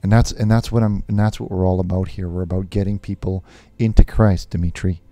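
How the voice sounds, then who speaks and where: A man playing a nervous televangelist host on a call-in show, talking haltingly with many fillers and restarts. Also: low-pitched, steady tone, dark tone, dry recording, faint music behind, lightly acted. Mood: flustered.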